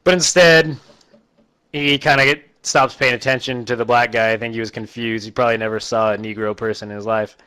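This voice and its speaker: A man recapping a terrible movie in a casual, rambling, deadpan way, quickly putting on the characters' voices. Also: medium pitch, smooth. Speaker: host recapping a bad movie.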